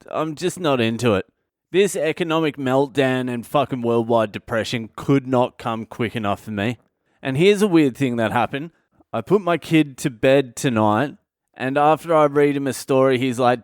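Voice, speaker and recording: Male comedian, mid-pitched, profane rambling storyteller, dry recording. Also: normal speed, clear, resonant tone, dry recording. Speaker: comedian and podcast host. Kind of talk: casual comic monologue.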